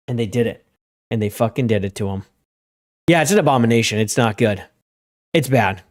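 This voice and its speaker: A man's voice: medium pitch, animated, brisk. A man hosting a gaming news stream, talking loosely and conversationally with lots of filler words and asides to his chat. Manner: talks to chat viewers directly. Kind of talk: casual live-stream commentary.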